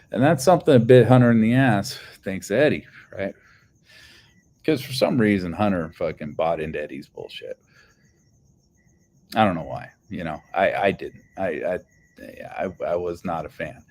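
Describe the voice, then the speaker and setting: This man's voice is low with a darkish tone, captured through a phone on a casual livestream. His storytelling is heated and profane, thick with swearing, wandering loosely and restarting again and again.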